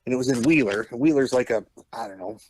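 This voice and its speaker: Man, tradesman caller, on the phone at a job site, plain-spoken, rushed, faint noise behind. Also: medium pitch, a little mellow. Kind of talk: casual phone chat.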